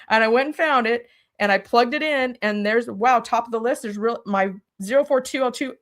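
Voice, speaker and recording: A woman telling a personal story as an interview guest, animated and speaking directly to her listeners. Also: fairly high pitch, moderate pace. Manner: animated, talks straight to listeners.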